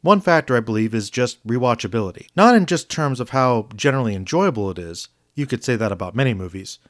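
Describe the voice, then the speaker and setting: A man's voice: medium pitch, dry recording, clean studio sound. Earnest man narrating a film review. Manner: earnest, measured, reflective. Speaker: video essayist.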